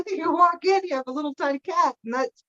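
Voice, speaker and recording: A woman's voice: sits high, fairly quick, sharp tone, muffled recording. A woman leading a live spiritual teaching session, meandering through her points, often checking in with "okay?" and breaking into playful laughter.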